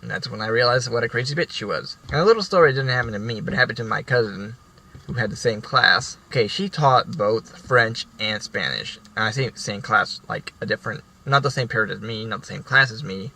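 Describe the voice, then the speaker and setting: A man's voice: mid-range voice, brisk, vocal fry, bright, forceful tone, rough recording. A young man casually telling rambling stories from school, with frequent restarts and some swearing. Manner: rambling, profane, many restarts. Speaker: vlogger. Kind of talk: casual storytelling.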